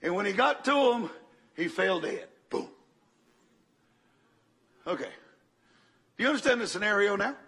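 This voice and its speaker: An older man preaching a sermon, telling a story dramatically and swinging from loud bursts to hushed tones. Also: high voice, lively intonation, fairly quick, long pauses, husky.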